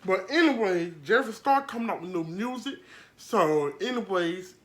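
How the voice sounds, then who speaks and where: A woman's voice: medium pitch, fairly bright tone. Sassy gossip-podcast woman. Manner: sassy, slangy, laughs often. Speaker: podcast host. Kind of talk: casual celebrity gossip chat.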